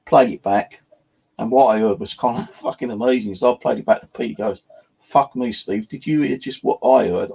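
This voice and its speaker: Gravelly, husky man telling ghost stories. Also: medium pitch, warm tone. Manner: rambling, swears freely, many fillers. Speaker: channel host. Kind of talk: casual storytelling chat.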